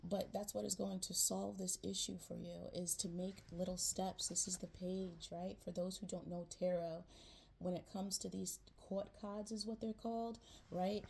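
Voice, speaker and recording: Speaking on the low side at a moderate pace, this tarot reader has a flat, creaky, somewhat mellow delivery, with a little hiss or hum in the recording. Her casual spiritual reading to camera is chatty and full of slang like "man" and "yo," and she keeps asking "right?" and saying "you know."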